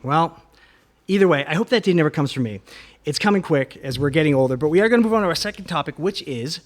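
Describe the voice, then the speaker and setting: A middle-aged man co-hosting a podcast, telling an animated, profane story in casual chat, sometimes dropping to a whisper. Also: a little high, fast. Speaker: podcast co-host.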